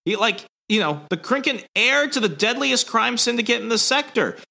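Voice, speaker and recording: A man voicing a nervous male alien sidekick in a podcast recap, talking in a hurried, anxious way. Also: very high voice, lively intonation, gravelly, sharp tone, voice pushed up, full character voice.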